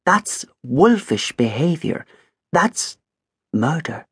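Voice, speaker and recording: A man's voice: fairly high pitch, very animated, fairly bright tone, husky, dry recording, voice pushed up, full character voice. A man voicing a shrewd, composed female sheep who reasons carefully. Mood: resolute. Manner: measured and reasoning.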